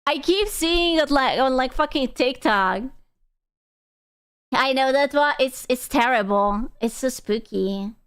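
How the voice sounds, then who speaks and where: A woman's voice: sits high, animated, unhurried, a bit bright, smooth, no echo, clean studio sound. A young woman streamer chatting casually with her chat, rambling, teasing and swearing freely.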